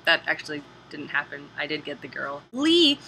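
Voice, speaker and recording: A woman talking through a video game review in a loose, animated way, chatty and quick to swear. Her voice is bright and forward, and a faint hiss sits underneath. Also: low voice, creaky, poor audio. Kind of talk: casual spoken game review.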